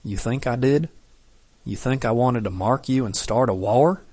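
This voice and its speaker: A man's voice: mid-range voice, normal speed, mellow, no echo, natural voice. A man doing a growling young shapeshifter. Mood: gruff, tense. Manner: growling, curt. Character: gruff, guarded young male shapeshifter.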